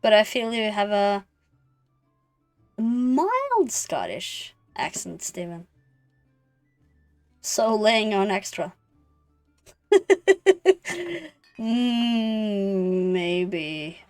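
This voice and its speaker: A woman's voice: medium pitch, lively intonation, extremely slow, pauses often, clear, resonant tone, faint music behind. A woman streaming a game, chatting casually and thinking aloud with an amused tone. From Norway. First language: Norwegian.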